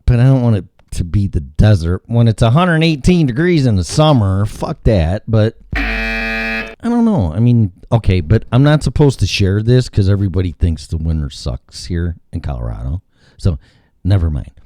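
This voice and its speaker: Profane, rambling talk show host. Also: male voice, lowish voice, sing-song, normal speed, a little mellow, dry recording, clean studio sound. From American Midwest. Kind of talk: casual talk show chat.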